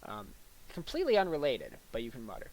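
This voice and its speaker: Heard through a rough recording, a young man's mid-range voice carries a mock-serious, deadpan lecture parody that stumbles along with fillers and pauses, dotted with little acted-out asides.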